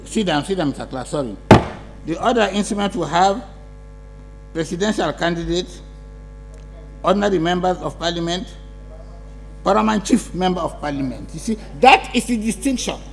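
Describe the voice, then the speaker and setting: In a parliament chamber, a man serving as speaker chairs the debate, firmly ruling on points of order, interrupting, and growing emphatic when he disagrees. His voice sits high and is animated, at a moderate pace with long pauses and slight background noise.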